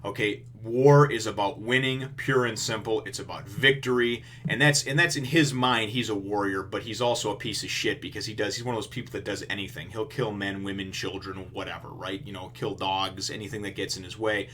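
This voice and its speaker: A man's voice: on the low side, fairly even intonation, a little fast, few pauses, sharp tone, a little hiss or hum. A man reviewing a manga chapter in a casual, rambling way, full of fillers and blunt, profane remarks.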